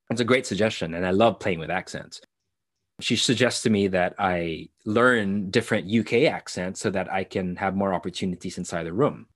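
Man, Filipino English accent, young adult, interview guest, thoughtful, low-pitched, dry sound. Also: no room sound. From Philippines. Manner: thoughtful, expansive, with self-corrections. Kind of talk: conversational interview.

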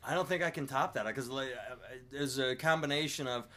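A man's voice: medium pitch, a little fast, bright, forceful tone. A man hosting a podcast in casual chat, laid-back, swearing and laughing easily. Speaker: podcast host.

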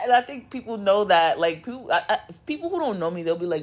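A woman's voice: mid-range voice, lively intonation, fast, fairly bright tone, a little hiss or hum. A woman who gives spiritual readings, ranting bluntly to her followers and swearing constantly. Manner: blunt, profane and emphatic. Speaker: spiritual content creator and card reader. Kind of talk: unscripted rant to followers.

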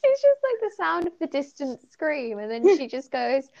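A woman's voice: high voice, big pitch swings, slow, gravelly, long pauses, darkish tone. A young woman co-hosting a podcast, chatting casually about a story she enjoyed, giggling often and leaning on fillers. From United Kingdom. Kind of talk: casual chat reviewing a story. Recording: slightly muffled lo-fi recording.

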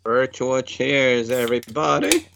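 A man co-hosting a casual podcast chat, laid-back and quick to laugh. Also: medium pitch, wildly swooping pitch, vocal fry, a bit bright, slight background noise. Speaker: podcast co-host. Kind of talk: casual chat over beers.

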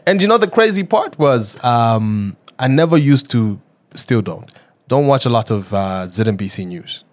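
A man co-hosting a podcast in casual chat, telling animated stories and acting out quoted voices, with some swearing. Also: mid-range voice, moderate pace. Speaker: podcast co-host.

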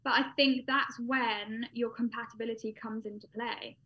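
A woman's voice: fairly high pitch, steady tone, moderate pace. Chatty young British woman, lo-fi. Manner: chatty, with frequent fillers and laughs. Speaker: guest. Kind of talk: casual personal storytelling. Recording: dull lo-fi sound.

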